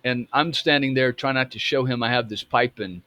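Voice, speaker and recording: A man in his fifties telling a personal story in a halting way, with many restarts. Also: mid-range voice, pushed and bright, dry recording. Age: 50s. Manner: halting, full of restarts and fillers. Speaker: storyteller recounting a memory.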